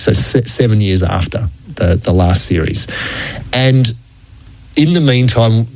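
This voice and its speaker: A man's voice: medium pitch, dry recording, poor audio. Dry-voiced Australian man telling cricket stories. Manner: chatty, chuckles through the anecdotes. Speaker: radio cricket history segment presenter. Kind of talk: anecdotal storytelling on sports radio.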